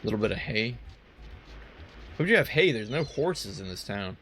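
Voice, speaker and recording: Chatty man with a lively voice. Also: fairly low pitch, moderate pace, a little hiss or hum. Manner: rambling, joking asides. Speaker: let's play host. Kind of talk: casual game commentary. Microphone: headphones and desk mic.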